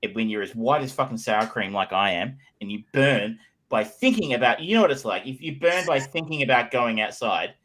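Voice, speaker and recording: A man's voice: medium pitch, fairly quick, a bit bright, low-quality recording. A middle-aged Australian man co-hosting a podcast in casual chat, rambling with lots of fillers and restarts. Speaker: podcast co-host.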